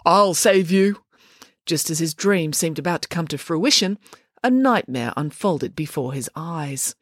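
Woman reading a kids' chapter book out loud, lively up and down voice, lowish, super dry sound. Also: normal speed, dry recording. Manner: expressive, animated read-aloud delivery. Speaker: storyteller.

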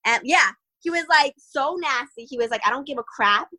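A young woman with a bright, forceful voice pitched a little high tells a story as an interview guest. She is animated, laughs often and acts out the lines of people in her story. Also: normal speed, poor audio. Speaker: guest fighter.

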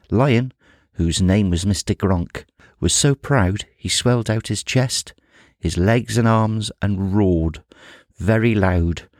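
A man reads a comic children's story aloud with playful, expressive delivery. His voice sits on the low side. The recording is close and dry, with no room sound. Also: slow, no echo. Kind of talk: humorous storybook reading.

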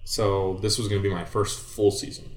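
A man who used to play baseball tells a rambling story in a relaxed, casual way, with lots of fillers and swearing. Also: lowish voice, moderate pace. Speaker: guest, former baseball player. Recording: roomy echo, faint music.

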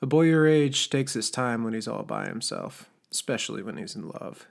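A man's voice: on the low side, big pitch swings, normal speed, vocal fry, full character voice. A man voicing a scarred, disgraced male cook in an audiobook, sly and needling as he cajoles. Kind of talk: audiobook character voice.

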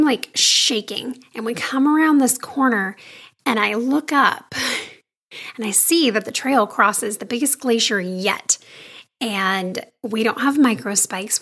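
A young woman telling her own story to viewers in an earnest, confiding way, often dropping into soft near-whispers. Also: a little high, slightly rough. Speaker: vlogger.

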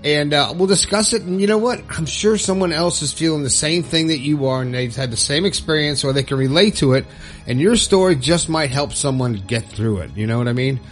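Friendly podcast guy, kinda high voice, folksy and upbeat, little bit of music under it. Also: a little fast. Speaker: podcast host. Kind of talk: casual solo podcast talk.

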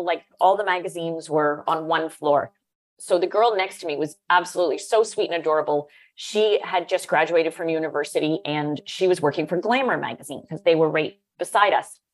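A middle-aged woman telling lively anecdotes in a casual interview, using "like" a lot and laughing often. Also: low-pitched, moderate pace. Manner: animated, lots of "like", laughs often. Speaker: guest, former magazine editor.

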